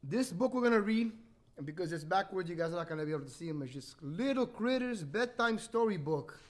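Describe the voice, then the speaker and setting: Jokey high-voiced storytelling man. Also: expressive, a little fast. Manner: jokey, chatty, teasing asides. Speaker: host reading a bedtime story. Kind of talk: playful livestream storytelling. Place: home livestream.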